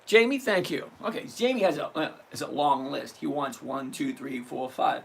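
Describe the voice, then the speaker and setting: Speaking at a moderate pace, a sixty-something man hosts a live trading stream and teaches casually, joking and swearing as he reads figures step by step. His fairly high voice has big pitch swings and vocal fry.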